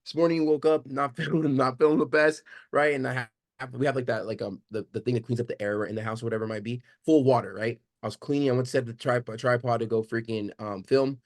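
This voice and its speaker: A man on a video call from home, talking in an animated, emphatic way, full of rhetorical questions and casual swearing. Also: mid-range voice, fast, hardly any pauses, no echo, clean studio sound. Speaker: coaching call participant. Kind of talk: animated motivational chat. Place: home living room.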